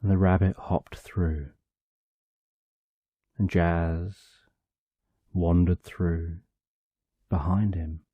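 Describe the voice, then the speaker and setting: A man narrating a bedtime story for sleep, calm and drawn out, in short phrases with long pauses. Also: low-pitched, slightly rough, dry recording, phone-quality sound.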